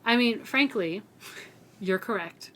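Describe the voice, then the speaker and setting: A woman's voice: mid-range voice, fairly bright tone. Earnest woman podcast co-host. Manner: earnest, agreeable, measured. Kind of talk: casual podcast discussion.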